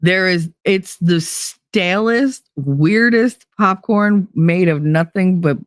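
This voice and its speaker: A woman with a New Jersey accent chats casually on a live stream, animated and full of inflection. Her voice sits on the lower side for a woman. It is recorded close and dry, with no room sound. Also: slow pace, no room sound. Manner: animated, emphatic, lots of inflection. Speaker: livestream host. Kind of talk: casual chat reading viewer comments.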